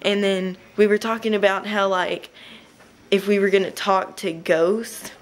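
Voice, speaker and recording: A young woman casually telling a rambling story to her webcam at home, chatty and giggly, with quick bursts. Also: mid-range voice, flat delivery. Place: home room.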